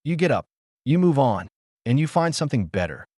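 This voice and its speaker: A man's voice: mid-range voice, sing-song, fairly quick, darkish tone, dry recording, studio quality, pitched above the performer's own voice. A man voicing an older man who hands out blunt, plainspoken advice in folksy grammar.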